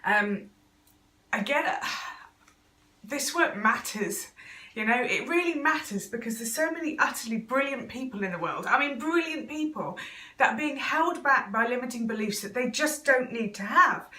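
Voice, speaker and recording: A woman's voice: high voice, animated, normal speed, bright, forceful tone, reverberant, distant mic. A woman talking straight to camera as an intuitive coach, chatty and earnest, with little laughs and fillers. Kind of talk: casual direct-to-camera talk.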